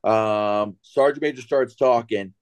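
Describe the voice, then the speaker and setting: A man on a podcast crew telling a story in an animated way, often checking in with his listeners. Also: on the low side, measured pace, clean tone. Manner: animated, keeps checking in with "right?". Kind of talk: casual storytelling.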